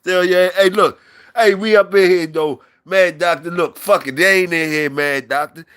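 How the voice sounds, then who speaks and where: A man's voice: high voice, fairly even intonation, moderate pace, fairly bright tone, clean tone. A man hosting a live stream in loose, profane, repetitive banter with his chat, talking on a mic from his workplace.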